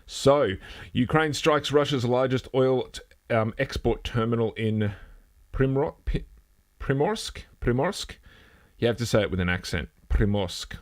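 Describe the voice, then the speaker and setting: A man's voice: mid-range voice, moderate pace. A man hosting a casual live news stream from a home setup, rambling and self-deprecating, trailing off and restarting as he goes. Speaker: host.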